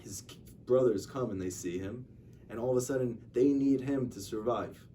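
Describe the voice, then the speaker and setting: A man's voice: mid-range voice, normal speed, warm tone. A man, a rabbi, giving an informal religious lecture, talking conversationally and acting out stories with dialogue. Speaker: rabbi teaching a class. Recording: distant mic with faint noise.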